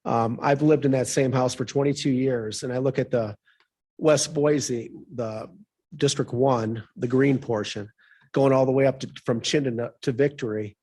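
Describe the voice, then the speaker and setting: A man speaks during public comment at a city council meeting. He talks in a middle-pitched voice and stops and restarts as he searches for his words. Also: fairly even intonation, normal speed, dark tone, slightly rough. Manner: hesitant, many ums and restarts.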